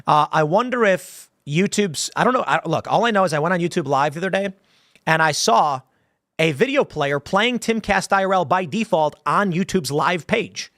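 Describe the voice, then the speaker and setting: Male host, raised pitch, dry close sound, rambling commentary with acted quotes. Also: animated, normal speed, a bit bright, dry recording. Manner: rambling, conversational, with many restarts and acted-out quotes. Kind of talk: casual commentary reading viewer questions.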